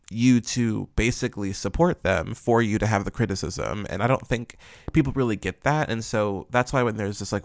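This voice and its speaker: A man's voice: fairly low pitch, no echo, studio quality. A man ranting in blunt, profane commentary, full of fillers and rhetorical questions. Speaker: commentary vlogger.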